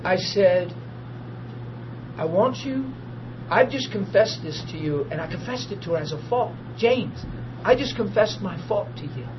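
A man tells his testimony like a preacher, his voice pitched high for a man. He drops to near-murmurs and then climbs into loud, tearful laughter. The recording is dull and lo-fi with steady noise behind him. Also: unhurried. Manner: emotional, swings from hushed to loud laughing and crying. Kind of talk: testimony storytelling.

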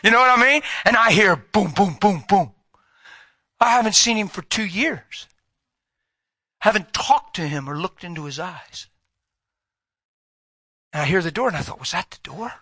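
A middle-aged man preaching a sermon, telling a personal story and swinging from loud, fast passages to hushed whispers. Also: high voice, animated, no room sound. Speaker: pastor. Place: church hall with audience.

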